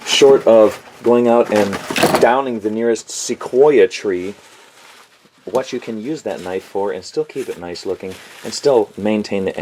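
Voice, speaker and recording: A man's voice: lowish voice, a little mellow, slight background noise. A man reviewing a knife in a home kitchen, talking in a rambling, profane, self-mocking rant to camera.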